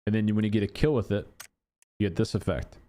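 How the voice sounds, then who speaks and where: A man's voice: lowish voice, fast talker, warm tone. Casual man musing over game skins. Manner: thinking aloud, chatty, fond of filler words. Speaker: gaming YouTuber. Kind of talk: casual gameplay commentary.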